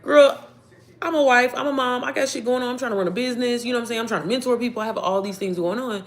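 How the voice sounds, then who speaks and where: Fast-talking animated woman telling a story. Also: a little high. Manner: animated, profane, addresses viewers as y'all and baby. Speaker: online business coach. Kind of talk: casual storytime vlog.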